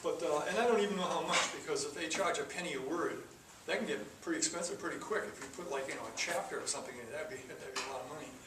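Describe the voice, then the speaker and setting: A man's voice: on the high side, very fast, few pauses. A man teaching a programming class, explaining step by step with many fillers and restarts. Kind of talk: classroom lecture. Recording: echoey room from far off, noisy.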